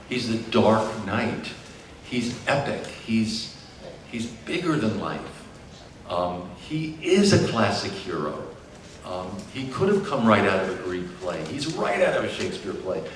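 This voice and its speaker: A man, a voice actor on a fan convention panel, telling animated stories and moving from hushed to loud. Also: mid-range voice. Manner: animated storyteller, lively swings from hushed to loud. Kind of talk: storytelling panel Q&A. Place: large convention hall. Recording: roomy distant convention hall recording with noise.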